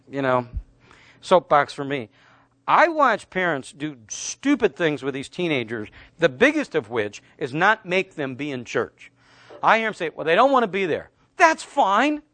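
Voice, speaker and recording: Animated, high-pitched preaching man. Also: dry recording. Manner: emphatic, preachy, conversational storytelling. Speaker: pastor. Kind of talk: sermon.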